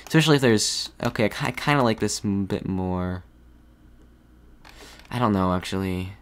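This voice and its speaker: A man's voice: lowish voice, moderate pace, clear, resonant tone. A man giving thinking-aloud commentary while playing a geography game, hesitant and full of restarts. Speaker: gaming video creator.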